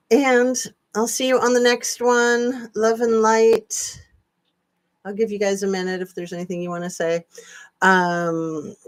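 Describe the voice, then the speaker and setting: A woman's voice: fairly low pitch, no echo. A woman hosting a casual live-stream chat, chatty with sarcastic asides. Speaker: channel host.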